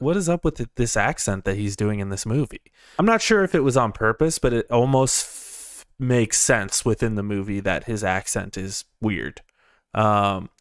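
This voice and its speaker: Young man, casual review vlog, smooth clear voice, dry close sound, rambling, chuckles, inside a car. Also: mid-range voice, no room sound. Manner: rambling, chuckling, repeats words. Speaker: movie reviewer. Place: inside his parked car.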